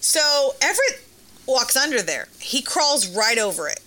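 A woman's voice: sits high, very animated, unhurried, noisy background. A woman in her thirties, a mother, telling a family story in casual chat, laughing often and acting out her kids' voices.

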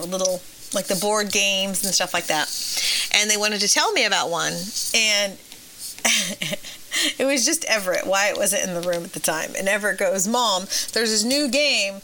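A woman's voice: medium pitch, bright, forceful tone, a little hiss or hum, low-quality recording. A middle-aged woman co-hosting a casual podcast, telling family stories and laughing often. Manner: giggly storyteller, laughs often. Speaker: podcast co-host. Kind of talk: casual chat.

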